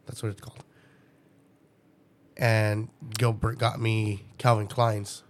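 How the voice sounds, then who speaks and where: A man in casual chat, telling an animated story, laughing often and swearing freely. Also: on the low side, slow pace, slight background noise.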